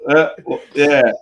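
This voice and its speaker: A man's voice: fairly high pitch, a bit bright, dull audio. A man hosting a casual live stream, teasing and mimicking accents with frequent laughs.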